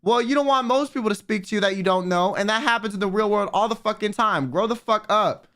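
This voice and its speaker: A man's voice: high voice, fast, pushed and bright, clear, resonant tone. A man streaming live, ranting bluntly and with plenty of profanity while he reads out viewer messages. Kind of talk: casual livestream rant.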